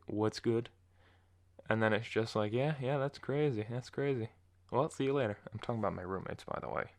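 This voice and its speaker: A young man hosting a podcast, ranting casually and with exasperation in a rambling, self-correcting way. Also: on the low side. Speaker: podcast host. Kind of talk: casual solo monologue.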